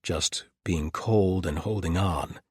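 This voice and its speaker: A gallant paladin with a dry, teasing wit and a deep, husky voice, as a male narrator plays him. His lines sound close and dry, with no room around them. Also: takes it slowly, a little mellow, no echo, exaggerated voice. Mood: wry. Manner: dry, teasing, formal phrasing.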